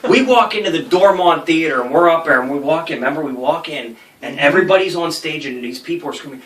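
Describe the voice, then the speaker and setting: A man's voice: fairly high pitch, animated, fast talker, few pauses, a bit bright. A man hosting a casual chat show, telling a long profane anecdote and laughing through it. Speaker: host. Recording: roomy, distant mic with faint noise.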